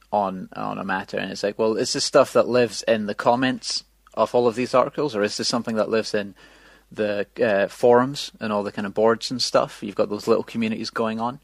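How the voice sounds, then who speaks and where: A man's voice: lowish voice, gravelly, no echo. A man co-hosting a podcast, chatting casually with lots of restarts and stammers, sounding exasperated. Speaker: podcast co-host. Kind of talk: casual chat.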